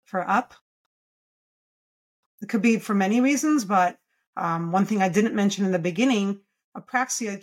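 A woman in her forties, a children's speech therapist, explaining speech errors in a podcast interview and saying sample sounds aloud. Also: medium pitch. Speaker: pediatric speech-language pathologist.

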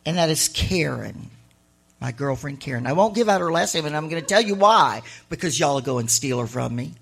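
A middle-aged woman and author telling stories live on stage to an audience, chatty and animated, with laughing asides. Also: sits low, brisk, gravelly. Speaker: author and honorary mayor addressing an audience.

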